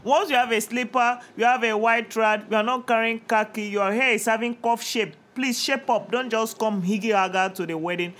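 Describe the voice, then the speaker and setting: A woman with a bright, forceful voice co-hosts a casual podcast. She is a little tipsy, talking bluntly and laughing often. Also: fairly high pitch, fairly even intonation, normal speed, few pauses. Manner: bold, blunt, laughing, profane. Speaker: podcast co-host. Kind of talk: casual chat.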